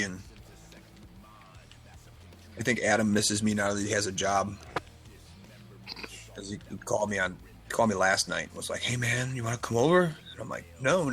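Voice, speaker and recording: A man's voice: lowish voice, moderate pace, long pauses, faint music behind. A man co-hosting a gaming news podcast, telling a long story in a casual chat and acting out both sides of the dialogue. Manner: animated storyteller, acts out dialogue. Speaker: podcast co-host.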